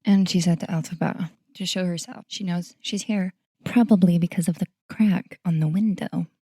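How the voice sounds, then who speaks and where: A woman's voice: fairly low pitch, steady tone, moderate pace, warm tone, husky, no echo, clean studio sound. A woman hosting a podcast, reacting to a movie trailer in a gushing, effusive, exclaiming way. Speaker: podcast host. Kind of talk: casual trailer reaction commentary.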